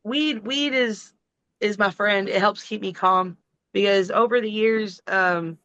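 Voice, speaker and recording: A middle-aged woman, a wrestler, telling a long story in a casual, profane, animated way. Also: medium pitch, measured pace, no room sound, highs cut off. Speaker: wrestling guest.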